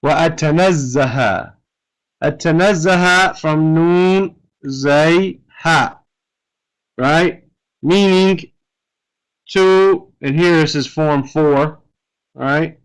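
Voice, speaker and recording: A man's voice: fairly high pitch, very slow, long pauses, smooth, rough recording. A man teaching an online language class, explaining a reading text word by word in a patient way and often checking with "right?". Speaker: Arabic teacher. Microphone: computer mic on an online class.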